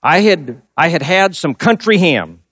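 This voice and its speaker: Animated preacher man, high lively voice. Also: a little slow, husky, no room sound, studio quality. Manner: storytelling, emphatic repetition. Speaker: pastor. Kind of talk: sermon.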